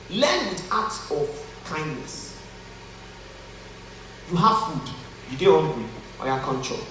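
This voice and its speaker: Heard from a distance in an echoing hall, a man with a Nigerian accent gives a motivational speech to a live audience, mixing jokes with earnest appeals. His voice is high and fairly bright, and a faint hiss or hum runs underneath.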